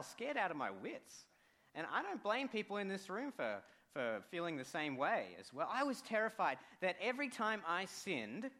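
Young Australian man, church intern preacher, sermon, slightly high voice, animated, sudden quiet drops.

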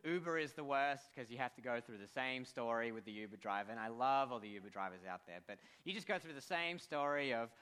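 A man with an accent preaching a heartfelt sermon, pausing with emotion and leading a prayer. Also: medium pitch, expressive, a bit bright, clean tone. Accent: non-American accent. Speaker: pastor.

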